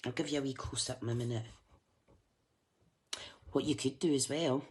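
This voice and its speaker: A woman's voice: extremely low pitch, fairly even intonation, moderate pace. A Scottish woman chatting casually to live viewers as she demonstrates a craft project, joking at her own expense as she works. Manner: chatty, self-mocking, talks to viewers while working.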